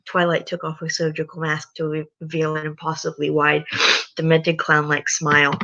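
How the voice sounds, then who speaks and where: A tired young woman on a casual livestream, chatting hesitantly between stretches of reading aloud. Her voice is low and gravelly but bright in tone. The recording is dull and lo-fi. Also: completely flat delivery, fairly quick. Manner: chatty, hesitant, self-correcting. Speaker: livestream host reading a story. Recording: dull lo-fi sound.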